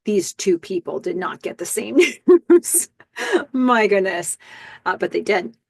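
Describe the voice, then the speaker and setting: A woman's voice: mid-range voice, takes it slowly, creaky, no room sound. Chatty woman podcaster, dry close sound. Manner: chatty, lots of fillers and "I don't know", excited outbursts. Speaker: podcast host recapping a TV episode. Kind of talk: casual recap, retelling scenes.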